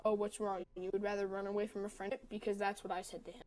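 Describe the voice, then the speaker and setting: A woman on a livestream telling a story in a casual way, quickly quoting both sides of a text argument. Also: mid-range voice, flat delivery, darkish tone, low-quality recording. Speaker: livestream host.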